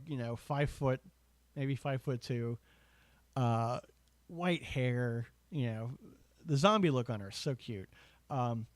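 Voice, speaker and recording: A man's voice: medium pitch, darkish tone, dry recording. A man hosting a casual online show, rambling enthusiastically with lots of fillers and asides. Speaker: podcast host. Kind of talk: casual chat.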